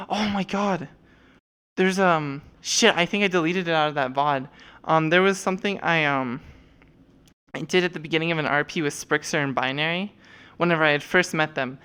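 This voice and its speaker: Low-voiced, rambling young woman streamer. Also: normal speed, fairly bright tone, clear, resonant tone. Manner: rambling, lots of fillers and profanity. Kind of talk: casual chat while showing avatars.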